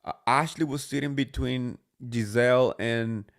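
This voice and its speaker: A man's voice: medium pitch, unhurried, vocal fry. A man hosting a casual recap show, chatty and sarcastic, talking with many fillers. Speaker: podcast host.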